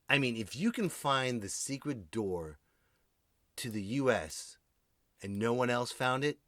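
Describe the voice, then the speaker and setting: A man hosting his own podcast, rambling through a jokey monologue that swings between loud outbursts and muttered asides. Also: medium pitch, no echo, studio quality. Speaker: podcast host. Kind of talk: comedic solo podcast monologue.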